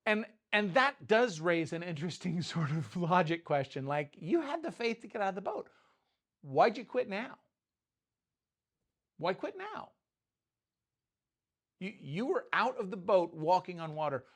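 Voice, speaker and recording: A pastor delivers an informal, joking sermon, often stopping and restarting his sentences. His voice is high, with big pitch swings, at normal speed, and his manner is conversational, full of self-interruptions and joking asides.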